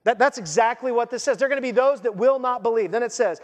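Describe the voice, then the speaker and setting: A male pastor preaching a sermon in a conversational, animated way with casual asides. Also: very high voice, fast. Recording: long reverb in a large hall.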